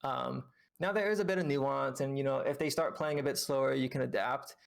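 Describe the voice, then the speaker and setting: Gravelly male game coach explaining. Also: mid-range voice, fairly quick. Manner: patient, explanatory, many fillers. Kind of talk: reviewing gameplay with a student on stream.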